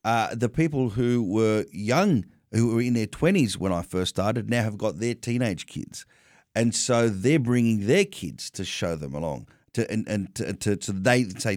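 Easygoing Australian comedian, dry studio. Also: male voice, fairly low pitch, unhurried, no room sound. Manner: relaxed, conversational, says "mate". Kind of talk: casual radio interview. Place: radio studio.

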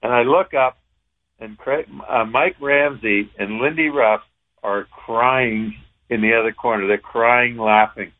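A man, a former pro hockey player, telling a long anecdote in a relaxed, rambling way, with some salty language. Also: medium pitch, measured pace. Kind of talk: casual anecdotal storytelling. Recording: tinny phone-line sound.

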